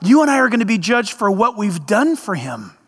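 High-voiced, lively male pastor preaching. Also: normal speed, breathy edge. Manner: emphatic, conversational preaching with rhetorical questions. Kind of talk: sermon. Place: church sanctuary. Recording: long reverb of a large hall.

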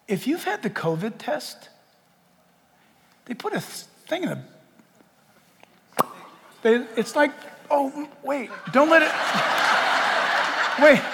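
High-voiced man preaching in a church hall. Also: big pitch swings, slow pace, vocal fry, long pauses, a bit bright. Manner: impassioned, jokey, rhetorical questions. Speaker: pastor. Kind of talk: sermon. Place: church sanctuary. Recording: long church hall reverb.

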